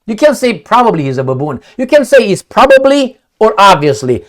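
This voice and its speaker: Give me an angry, sarcastic man ranting through the news with a lively, swinging pitch. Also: brisk. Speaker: political commentator. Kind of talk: ranting video commentary, reading news aloud.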